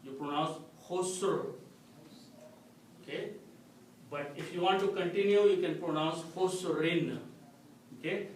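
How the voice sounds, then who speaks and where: Male teacher, unhurried classroom explaining, distant mic, echoey room, faint background noise. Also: a little high. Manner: slow, explanatory, repeats "okay?" to check understanding. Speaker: Quran Arabic teacher. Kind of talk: classroom lesson. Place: mosque classroom.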